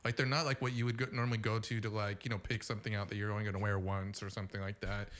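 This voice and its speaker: A man's voice: on the low side, flat delivery, very fast, fairly bright tone. A man co-hosting a morning radio show in a studio, rambling with lots of fillers. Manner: rambling, full of "like". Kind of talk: casual morning radio chat.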